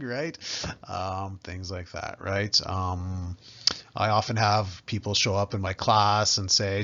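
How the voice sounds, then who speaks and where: A man's voice: lowish voice, fairly bright tone. A male instructor giving a recorded slideshow lesson in a friendly way, often checking in with "right?". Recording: slightly dull lo-fi audio.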